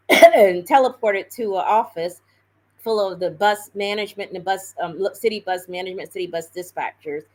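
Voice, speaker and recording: A woman retelling a story on a live stream, her voice pitched right in the middle for a woman. She talks in a loose, animated way, piling up fillers and restarting her sentences as she goes. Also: normal speed, rough recording. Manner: rambling, animated retelling with many fillers and self-corrections. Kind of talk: casual storytelling.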